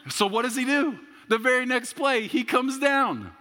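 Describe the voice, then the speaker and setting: A man in his thirties preaching a sermon as a pastor, telling a story with humor and bursts of shouting. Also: very high-pitched, normal speed, big-room sound.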